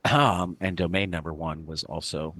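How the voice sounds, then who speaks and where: A man co-hosting a comics podcast in casual chat, relaxed and agreeable, often stumbling over his words. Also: low voice, moderate pace, slightly rough, no echo. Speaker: podcast co-host.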